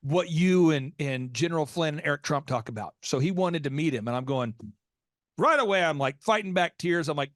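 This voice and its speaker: American guy hosting a podcast, kinda high voice, dry close sound, tells stories with lots of energy. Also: a little fast, no room sound. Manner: lively, jumps into high excited voices when acting out reactions. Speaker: podcast host. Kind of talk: animated storytelling in a business podcast.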